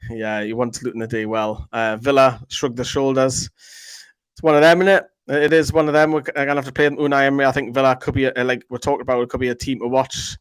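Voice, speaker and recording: A man chats loosely through viewer comments as co-host of a fan show, rambling and joking as he goes. His voice sits at an ordinary pitch and sounds dry and close to the mic. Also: little pitch movement, clear, resonant tone, dry recording, low-quality recording. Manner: chatty, rambling, quick to joke. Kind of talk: casual chat reading viewer comments.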